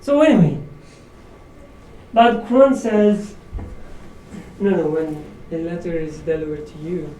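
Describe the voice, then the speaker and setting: Mellow man teaching from across a roomy space. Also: a little high, unhurried, pauses often. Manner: reflective, self-deprecating with light laughs. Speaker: study circle leader. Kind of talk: informal religious study talk. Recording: roomy echo, distant mic, faint room noise.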